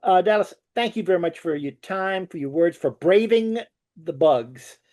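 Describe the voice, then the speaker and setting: A man with a slightly high voice asks interview questions. He hesitates and stops himself mid-sentence before finishing a thought. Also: expressive, normal speed, a little mellow. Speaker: interviewer, magazine writer.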